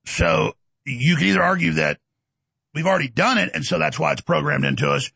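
Gravelly ranting man. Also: fairly high pitch, huge pitch swings, brisk, no room sound. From Texas. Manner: heated, mocking, often shouting. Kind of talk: ranting monologue.

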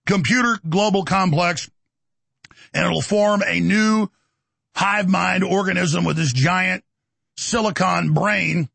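Gravelly ranting man. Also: high-pitched, takes it slowly, no room sound. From Texas. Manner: heated, mocking, often shouting. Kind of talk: ranting monologue.

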